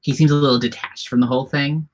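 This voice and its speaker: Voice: medium pitch, fairly even intonation, fast, soft background music, rough recording. A game master narrating a tabletop game, rambling and full of fillers and restarts.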